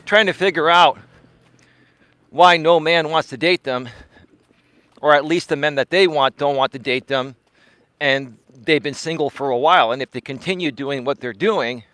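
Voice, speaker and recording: A man hosts a live stream as he walks, coaching and talking straight to his viewers. His voice sits a little high and sounds dry and close. He leans hard on words, repeats himself and keeps checking in with "right?". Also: sharp tone, no room sound. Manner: emphatic, repeats words, tags lines with "right?", laughs often. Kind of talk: casual livestream monologue. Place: walking outdoors during a live stream.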